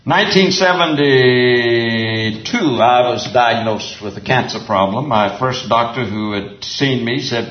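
A man's voice: mid-range voice, a little slow. An older man preaching a sermon to a men's group, folksy and chuckling, drawing out emphatic repeated phrases. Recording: roomy, dull lo-fi sound.

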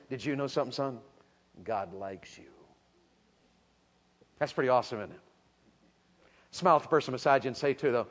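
A man preaching a sermon to a young audience, dropping low and quiet, then rising to shouts and repeating words for emphasis.

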